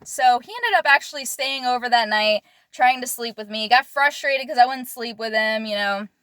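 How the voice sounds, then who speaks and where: A woman's voice: a little high, moderate pace, a bit bright, no echo. Candid young woman telling her story. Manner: candid, conversational, with frequent fillers and blunt swearing. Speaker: vlogger. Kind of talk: personal storytelling to camera.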